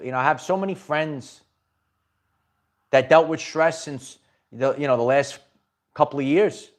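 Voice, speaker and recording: A man hosting a live spiritual pep talk, speaking emphatically, repeating phrases and restarting his sentences often. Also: fairly high pitch. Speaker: spiritual channel host.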